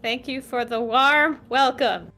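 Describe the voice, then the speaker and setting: A woman's voice: sits high, slow, creaky, bright, forceful tone, heavily acted. A woman playing a nervous, protective adventurer mother who speaks politely to a creature.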